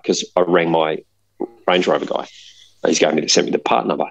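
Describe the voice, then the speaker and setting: A man's voice: sits low, fairly quick, vocal fry, highs cut off, a little hiss or hum. An Australian man co-hosting a podcast, telling a funny anecdote in casual chat over a remote call. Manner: animated anecdotal storyteller. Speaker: podcast co-host. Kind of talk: casual storytelling.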